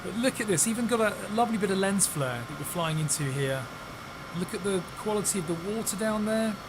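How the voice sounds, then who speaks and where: A man's voice: sits high, lively intonation, a little fast, noisy background. A man hosting a live stream, chatting casually and upbeat while flying a plane in a simulator and greeting viewers. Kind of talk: casual live-stream commentary while playing a flight sim.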